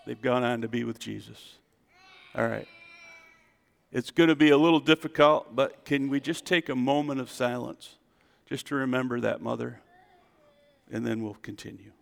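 A man preaching a sermon as a pastor, animated and drawing call-and-response from his congregation in a church sanctuary. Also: mid-range voice, vocal fry. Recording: long reverb in a hall.

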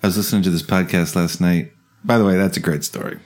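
Low-voiced guy rambling through a podcast chat, laughing, restarting thoughts. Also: steady tone, fast talker. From South Jersey. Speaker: podcast co-host. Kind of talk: casual chat.

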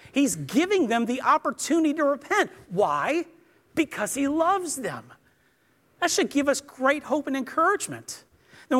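A man delivers a sermon with earnest emphasis. His pitch rises and falls in a lively way, and he acts out the quoted exchanges he describes. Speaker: preacher.

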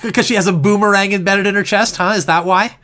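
A man's voice: high-pitched, steady tone, quick pace, sharp tone. A man playing Link, a young male hero protesting his innocence, in an improv comedy sketch. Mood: defensive. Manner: indignant, protesting.

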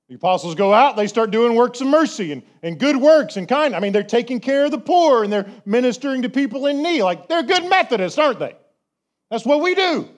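A pastor with a high voice preaches a conversational sermon, posing rhetorical questions as he goes.

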